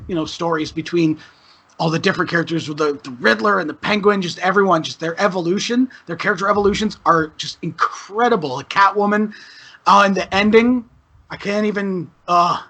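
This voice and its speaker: A man chats loosely as a podcast guest, his voice pitched high and ringing bright. He rambles from thought to thought and swears freely, loosened up by a few beers. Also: a little fast. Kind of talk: casual chat.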